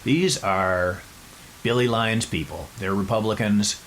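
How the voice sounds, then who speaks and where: A man hosting a podcast, telling a story in a casual, animated way with wry asides. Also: on the low side, unhurried, a little hiss or hum, rough recording. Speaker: podcast host.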